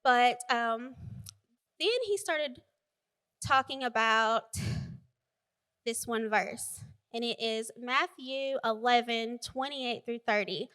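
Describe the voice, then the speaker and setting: A woman's voice: fairly high pitch, slow, long pauses, bright, forceful tone, clean tone. A woman giving a chatty, heartfelt personal testimony at church. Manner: chatty and heartfelt, apologizes for talking long.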